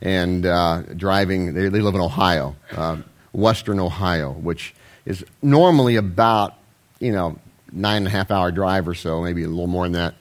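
A man's voice: low-pitched, moderate pace. A man, preaching a folksy, rambling sermon with self-deprecating asides. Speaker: pastor.

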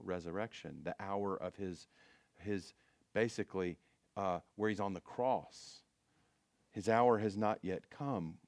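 A man's voice: medium pitch, dry recording. Man preaching in a dry, close sound. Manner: conversational preaching with frequent restarts and fillers. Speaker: pastor. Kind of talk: sermon.

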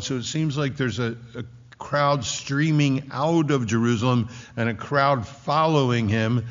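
A man's voice: mid-range voice, measured pace, dull audio. Earnest male preacher in a reverberant hall. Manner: earnest, conversational preaching with many asides. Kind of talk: sermon.

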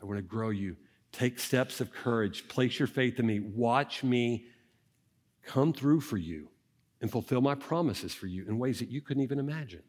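God as a gentle, fatherly presence, put on by a preacher, speaks softly and a little lower than his everyday voice. The words come tender and reassuring, aimed straight at the listener. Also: sing-song, normal speed, slightly rough, big-room sound.

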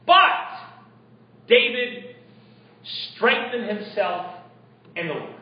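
High-voiced man preaching in an echoey church. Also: lively intonation, very slow. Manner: addresses the congregation with rhetorical questions. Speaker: pastor. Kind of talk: sermon. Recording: echoey, dull lo-fi church recording.

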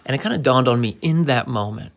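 A man's voice: mid-range voice, animated, fast talker, gravelly. A man in a casual conversation, telling stories in an earnest, anecdotal way.

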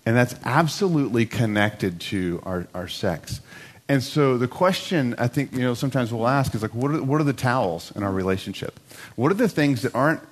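A man's voice: medium pitch, animated, a little fast. A middle-aged man giving a church talk with a conversational, self-mocking story.

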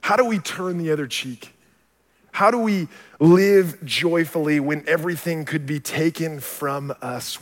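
A man with a slightly high voice preaching from the pulpit. He tells stories in an animated way, dropping low and quiet, then building to shouts. His voice rings out with a long reverb around the hall. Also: normal speed. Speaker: pastor. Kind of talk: sermon.

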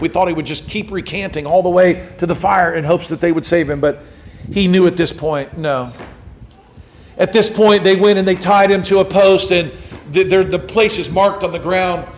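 A man's voice: sits high, moderate pace. A man preaching a sermon, telling a story and acting out the quotes with rising intensity. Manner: dramatic, acts out quotes, rising to intense emphasis. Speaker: pastor.

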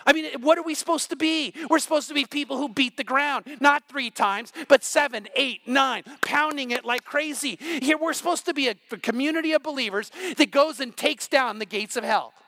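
A middle-aged male pastor preaching a sermon, impassioned and building to near-shouts. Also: extremely high pitch, moderate pace, few pauses.

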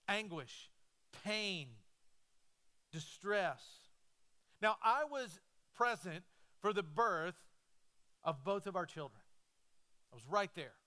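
A male pastor preaches a sermon in a church. His voice sits high and rings bright. He swings between animated, loud stretches and hushed, slow ones.

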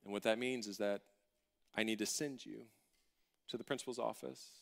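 A man voicing a stern but kind woman who teaches middle school English, speaking slowly and solemnly. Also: fairly high pitch, a bit bright, clean tone, big-room sound. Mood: stern, hushed.

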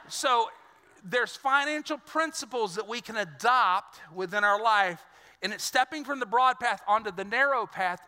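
A man's voice: high voice, bright, forceful tone, in a large hall. A male pastor preaching a sermon in an earnest, conversational way, often repeating words as he goes.

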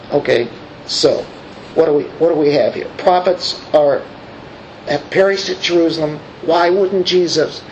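High-voiced man preaching a sermon. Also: slight background noise, poor audio. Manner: reads scripture aloud, then asks the congregation questions. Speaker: pastor.

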